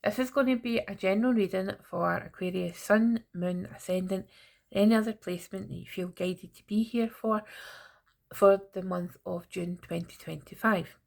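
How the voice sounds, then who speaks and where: A woman's voice: medium pitch, moderate pace, vocal fry. A middle-aged woman giving a chatty, teasing tarot reading straight to her viewers. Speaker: tarot reader. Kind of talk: casual tarot reading to camera.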